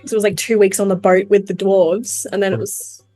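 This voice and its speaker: A woman's voice: medium pitch, level tone, moderate pace, warm tone, no room sound, soft background music. A woman playing a tabletop role-playing game, playfully describing what her character does. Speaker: player. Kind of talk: casual tabletop game chat.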